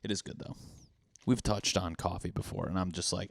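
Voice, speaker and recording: A man's voice: low-pitched, fairly even intonation, fairly quick, vocal fry, dry recording. A young man hosting a solo comedy podcast, rambling and self-mocking, often slipping into silly put-on voices. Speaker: podcast host.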